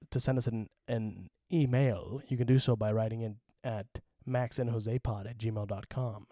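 A man's voice: lowish voice, no room sound. Swearing young man, dry close sound. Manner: animated, swearing, acts out stories in voices. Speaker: podcast co-host. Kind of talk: casual chat.

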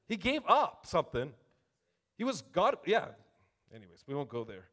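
A male preacher with a high voice who preaches in a loose, chatty way, calling out to the congregation. He breaks off to read scripture aloud, building up emphasis as he reads. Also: normal speed. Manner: animated, conversational, addresses congregation directly. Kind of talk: sermon.

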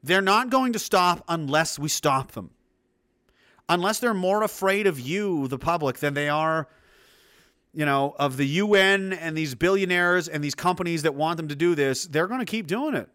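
Fiery high-pitched ranting man. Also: lively intonation, normal speed, fairly bright tone, no echo, clean studio sound. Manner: heated, profane, emphatic. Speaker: political commentator. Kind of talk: ranting monologue.

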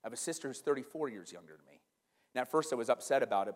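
A man's voice: mid-range voice, expressive, very fast, big-room sound. A male pastor preaching a sermon earnestly and conversationally, asking rhetorical questions and acting out quotes.

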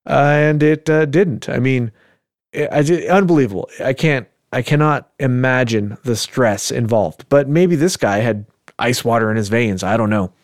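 Male podcast host, casual storyteller with a joking manner, mid-pitched voice, dry close sound. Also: expressive, normal speed, dry recording. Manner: joking, chuckles often, conversational asides.

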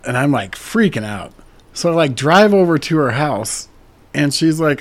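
A man in his forties co-hosting a casual podcast chat, telling stories with animated energy and swearing freely. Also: fairly high pitch, normal speed. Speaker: podcast co-host.

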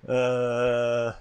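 A man's voice: medium pitch, smooth, no room sound. A man co-hosting a podcast in casual chat, laughing often and trailing off into restarts mid-story. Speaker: podcast co-host.

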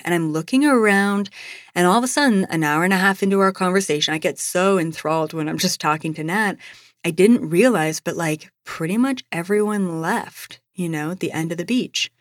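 A woman's voice: lowish voice, brisk, dry recording, studio quality. Chatty young woman telling a story. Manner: chatty, lots of "like" and "you know". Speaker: podcast host. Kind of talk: personal storytelling.

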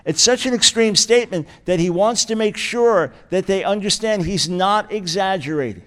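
A man's voice: sits high, expressive, moderate pace, a bit bright. A man as guest preacher delivering a sermon, emphatic and repeating key words for weight.

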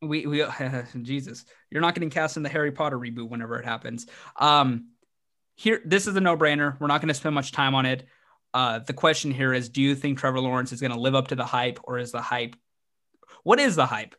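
A man's voice: mid-range voice, a little fast, pushed and bright. A man hosts a casual sports podcast with plenty of energy. He jokes around and rambles, often stopping to restart his sentences. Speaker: podcast host.

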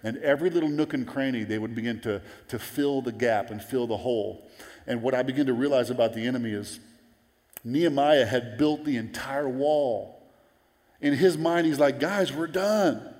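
A man in his forties preaching a sermon, telling stories in a lively way and acting out the voices of the people he quotes. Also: mid-range voice, normal speed. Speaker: pastor. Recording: long hall reverb.

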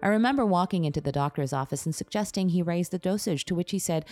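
A woman's voice: lowish voice, quick pace, a little mellow, faint music behind. A woman podcast host reading her memoir aloud in a candid, wry, self-deprecating way, close to the mic. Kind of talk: memoir narration.

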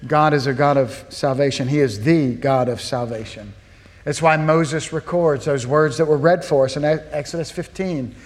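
A man preaching from the pulpit with a slightly high voice, earnest and full of rhetorical questions. His words ring out with the long reverb of a large church sanctuary. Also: moderate pace. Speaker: pastor. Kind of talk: sermon.

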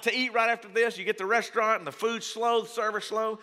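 A man preaching a folksy, joking sermon to his congregation in a large church hall, acting out quoted voices with big jumps in pitch. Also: steady tone, fast talker, few pauses, bright, forceful tone. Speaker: pastor. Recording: long hall reverb.

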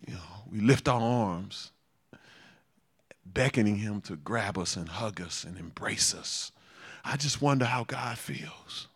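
Male preacher, unhurried delivery, repeats lines for emphasis, laughs between points. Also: lowish voice, fairly bright tone, breathy edge. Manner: repeats phrases for emphasis, chuckles often. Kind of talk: sermon.

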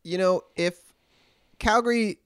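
Punning Canadian man, fairly high voice. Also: a little slow, fairly bright tone, clean tone, no echo. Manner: jokey, punning, riffing. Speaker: podcast co-host. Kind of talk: comedic sports chat.

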